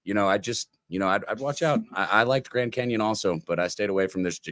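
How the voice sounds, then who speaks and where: A man's voice: on the low side, fast talker, fairly bright tone, no room sound, clean studio sound. A man co-hosting a live sports betting stream, rambling and repeating himself as he talks to the chat.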